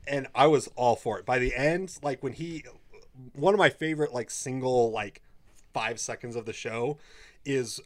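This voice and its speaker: Podcast host, male, excitable rambler with frequent cursing, dry close sound. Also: mid-range voice, dry recording. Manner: enthusiastic, rambling, heavy swearing. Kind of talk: casual chat.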